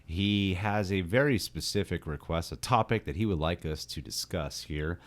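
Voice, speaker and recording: A man's voice: sits low, moderate pace. A man hosting a casual movie podcast, talking loosely with restarts and frequent laughter. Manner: laughs often, rambling with restarts. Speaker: podcast host.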